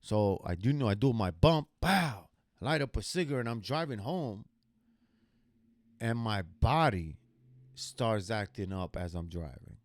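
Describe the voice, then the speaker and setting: A man's voice: on the low side, lively intonation, unhurried, no room sound. A man streaming a reaction video, telling a personal story casually in a blunt, profane, emphatic way.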